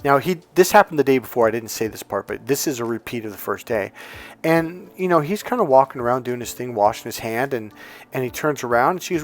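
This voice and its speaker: A man's voice: mid-range voice, fast talker. A man telling a story and acting out the people in it as a dating coach. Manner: animated, acts out the people in the story. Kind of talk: storytelling to camera.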